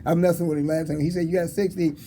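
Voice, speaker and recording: A man's voice: on the high side, fast, slight background noise. Upbeat encouraging man around sixty. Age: 60s. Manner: rambling, encouraging, animated storytelling with chuckles. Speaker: motivational speaker. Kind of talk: casual motivational talk to students. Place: school hall with an audience.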